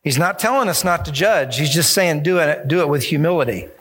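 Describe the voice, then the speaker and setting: A man's voice: on the high side, expressive, fairly quick, fairly bright tone, slightly rough. A male pastor preaching a sermon, emphatic and acting out the voices he quotes.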